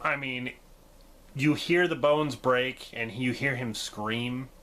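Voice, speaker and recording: A man reviewing horror movies in a casual vlog, enthusiastic and quick to laugh. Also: medium pitch, a bit bright, a little hiss or hum. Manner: enthusiastic, laughs often, acts out quotes.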